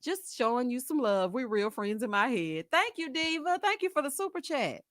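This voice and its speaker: A woman's voice: high-pitched, moderate pace, no room sound. Gossipy woman streamer, dry mic. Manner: gossipy, animated, laughs often, uses Southern US slang. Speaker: host of a live chat stream. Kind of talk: casual chat reading viewer comments.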